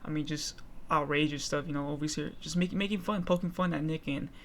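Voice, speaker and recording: A man's voice: a little high, steady tone, a little fast, fairly bright tone, slight background noise. A young man hosting a clip channel, casually rambling through an intro with many fillers.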